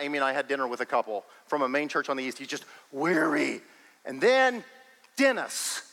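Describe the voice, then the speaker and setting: A man preaching a sermon as pastor, emphatic and animated, often breaking into laughter. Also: fairly high pitch, in a large hall, low-quality recording.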